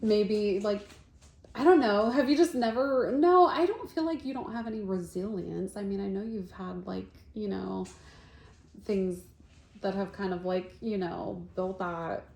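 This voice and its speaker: Slow-talking laughing woman, echoey room. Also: medium pitch, gravelly, darkish tone. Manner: laughs often, many filler likes. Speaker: podcast co-host. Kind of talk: casual chat.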